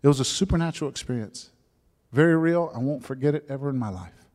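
A man in his fifties telling his conversion story as a sermon testimony, shifting from lively storytelling to soft, hushed moments. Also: medium pitch, fast talker. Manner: storytelling, drops to soft whispers at emotional moments. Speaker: preacher giving a testimony. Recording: long hall reverb.

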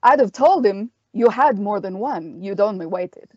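A woman's voice: medium pitch, animated, unhurried, warm tone, husky, dry recording. A wary Norse warrior, blunt and fond of teasing his companions, as a woman reader voices him. He speaks in a slightly raised storybook voice. The sound is dull and dry. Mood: protesting.

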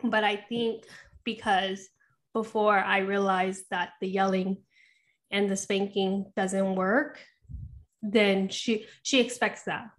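A woman's voice: medium pitch, level tone, slow pace. A woman talking casually on a podcast about parenting, chatty, with frequent laughs and asides. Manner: chatty, laughs often, lots of "you know". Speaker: podcast co-host. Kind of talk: casual chat.

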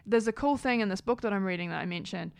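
A woman's voice: mid-range voice, quick pace, creaky, darkish tone. A woman in her thirties talking frankly and with animation to camera, full of "like" fillers. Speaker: parenting vlogger. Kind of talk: casual talk to camera.

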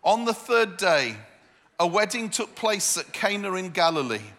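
A man's voice: high voice, very animated, a little slow, fairly bright tone. A man preaching a sermon, telling stories with humour and repeated phrases. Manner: humorous, self-deprecating storytelling with repeated phrases. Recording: echoey hall.

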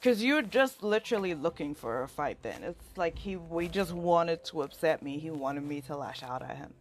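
A woman's voice: low voice, animated, normal speed. Heated, profane young woman ranting. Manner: heated, profane, rambling, filler-heavy; voice rising as she gets worked up. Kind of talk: angry personal rant to a friend.

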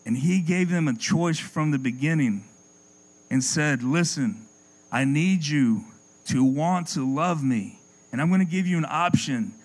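A man preaching a sermon with passion, repeating words as he builds a point and dropping his voice low and soft for effect. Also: lively intonation, unhurried, rough recording.

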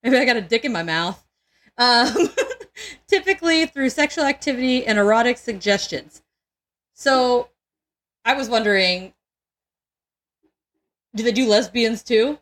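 A woman's voice: fairly high pitch, expressive, unhurried, pauses often, a bit bright. A woman co-hosting a podcast in casual chat, crude and joking, laughing often and tripping over words. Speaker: podcast co-host.

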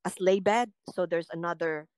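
Low-voiced Filipino woman, earnest and hushed. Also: normal speed, clear, resonant tone, no room sound, low-quality recording. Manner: earnest, emotional, often dropping to a hushed, low voice. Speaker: guest sharing a personal story. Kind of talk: personal testimony in conversation.

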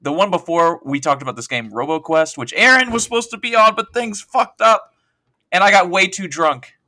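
Bright-voiced joking podcast guest man. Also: high voice, expressive, normal speed, no room sound. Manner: rambling, self-deprecating, joking. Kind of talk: casual podcast chat.

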